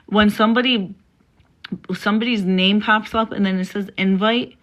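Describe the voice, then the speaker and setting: A woman's voice: mid-range voice, fairly even intonation, normal speed, a bit bright, a little hiss or hum. A young woman chatting on a phone live stream, rambling and laughing often, and reading her own poem.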